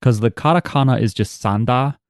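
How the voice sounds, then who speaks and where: Guy cohosting a podcast, joking around, rambly, mid pitch, dry close sound. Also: brisk, dry recording. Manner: joking, rambling, swears casually. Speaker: podcast co-host. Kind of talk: casual chat.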